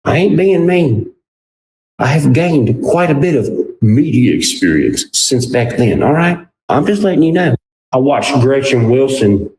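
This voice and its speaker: A man, a podcast guest telling casual stories and acting out what people said. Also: medium pitch. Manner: animated, acts out other people's lines in quotes. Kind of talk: casual storytelling. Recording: roomy with clear background noise.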